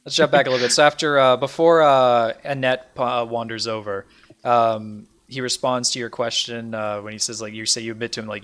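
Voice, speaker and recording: A man narrating a tabletop game as game master. His delivery is loose and halting, full of restarts and fillers, in an ordinary mid-pitched voice. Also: flat delivery, a bit bright.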